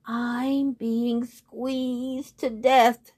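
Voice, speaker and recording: A frightened storybook moon, voiced by a woman, who begs and pleads in a raised, fluttering pitch. The voice rides well above the reader's own, slow and drawn out. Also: big pitch swings, full character voice. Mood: pleading, grateful. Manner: high, begging.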